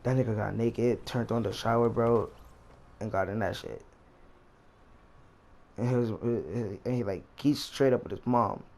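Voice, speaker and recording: A man's voice: on the low side, steady tone, a little slow, gravelly, pauses often, a little mellow. A young man vlogger telling a rambling, slangy story as he plays a game. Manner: rambling, slangy, repeats himself. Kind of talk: casual storytime while gaming.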